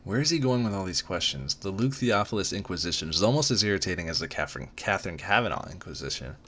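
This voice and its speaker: A man's voice: low-pitched, expressive, quick pace, few pauses, fairly bright tone. A man narrating a story in an amateur dramatic reading, in a casual manner, stumbling and restarting on words. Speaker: reader.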